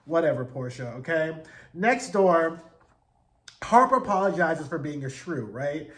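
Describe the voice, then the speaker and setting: A man hosting a casual TV recap in a sassy, animated way, swearing freely and tossing in "right?" while he acts out the characters' lines. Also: on the high side, unhurried, roomy sound. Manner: peppered with profanity and rhetorical "right?". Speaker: TV recap host.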